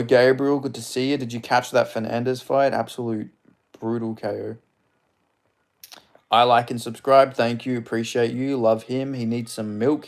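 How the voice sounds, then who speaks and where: A man's voice: mid-range voice, a little mellow. A man from Perth with an Australian accent, hosting a live stream in a rambling, crude, casual way while greeting chatters by name. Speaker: livestream host.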